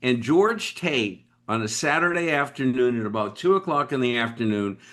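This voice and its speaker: A man in his sixties, a business leader guest, telling a story in an interview with lively swings of voice. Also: moderate pace. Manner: animated storyteller with big pitch swings.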